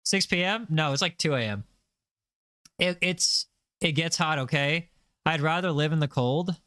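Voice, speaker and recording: Bright-voiced rambling young streamer man. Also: a little high, moderate pace, clear, resonant tone, no room sound. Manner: rambling, filler-heavy, playfully boastful. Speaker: gaming livestreamer. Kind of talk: casual livestream chat. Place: home setup, lives in Los Angeles.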